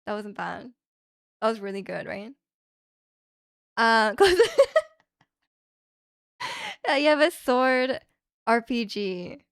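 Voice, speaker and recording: Young woman, livestreamer, casual rambling chat, fairly high pitch, dry sound. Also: animated, slow pace, pauses often, fairly bright tone, clean tone, no room sound. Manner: rambling, chatty, with frequent fillers and light laughs. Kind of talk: casual chat reading out viewer comments. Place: at home.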